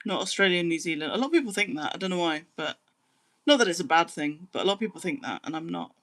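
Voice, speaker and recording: A woman's voice: on the low side, animated, a bit bright. British woman chatting on a live stream. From Britain. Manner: chatty, hums to fill pauses. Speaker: livestream host. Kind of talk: casual live stream chat with viewers.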